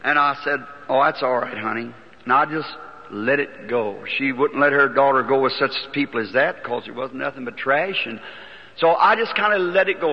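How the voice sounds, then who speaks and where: A man, preaching a sermon and telling his life story in a folksy way, taking on the voices of the people in it, recorded before a congregation in a large hall. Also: on the high side. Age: 50s. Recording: dull lo-fi archival sermon recording with long hall reverb.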